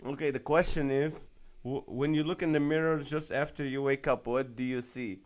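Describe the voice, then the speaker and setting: A man's voice: mid-range voice, steady tone, moderate pace. A male comedian hosting a casual live stream, reading viewer comments aloud and laughing often. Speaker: comedian host of a live show.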